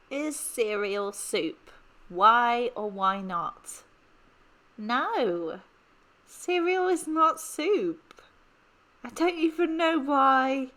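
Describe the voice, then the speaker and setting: A woman's voice: a little high, bright, forceful tone. A woman in her thirties from England with an English accent, chatting casually and rambling with many ums while she plans. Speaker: planner vlogger. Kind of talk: casual chat while planning.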